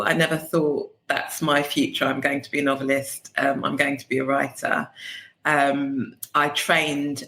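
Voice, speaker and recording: A woman's voice: low voice, fairly bright tone, roomy sound. A woman, a debut novelist, chatting as a guest on a podcast, thoughtful and full of fillers. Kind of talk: casual interview.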